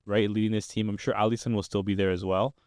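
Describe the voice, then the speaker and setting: Young man, podcast host, casual sports chat, upbeat, smooth resonant voice, dry close mic. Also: fairly low pitch, flat delivery, fast, darkish tone, dry recording. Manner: upbeat, steers the talk with questions.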